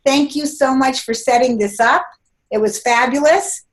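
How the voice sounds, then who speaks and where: A woman speaking quickly and enthusiastically as she gives closing remarks to a group conference call. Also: high voice. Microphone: phone or computer on a conference call.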